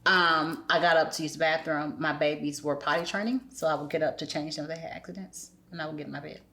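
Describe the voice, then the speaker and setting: A woman with a low speaking voice shares a personal story in relaxed podcast conversation. She talks candidly and brings her quotes to life, shifting her tone for each person she mimics. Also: fast. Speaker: podcast guest.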